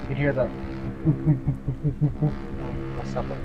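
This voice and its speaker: A game master narrating a tabletop game in a halting way, with many fillers. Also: mid-range voice, flat delivery, muffled recording, loud music behind the voice.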